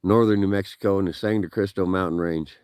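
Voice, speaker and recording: Low-voiced winded man vlogging outdoors. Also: steady tone, quick pace, darkish tone, clear, resonant tone, no echo. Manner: folksy, keeps calling out to viewers. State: out of breath from hiking. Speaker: outdoor vlogger live-streaming to chat. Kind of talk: casual live-stream chat. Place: outdoors in high mountain country.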